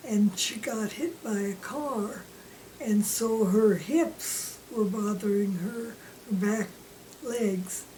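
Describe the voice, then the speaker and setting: A woman tells old preschool stories at an unhurried pace, her voice mellow and gentle. Her sentences sometimes trail off almost to a whisper. She is recorded from a little distance with a faint hiss behind her. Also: mid-range voice. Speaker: former preschool teacher, interviewee. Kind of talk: reminiscing interview. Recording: distant mic with faint background noise.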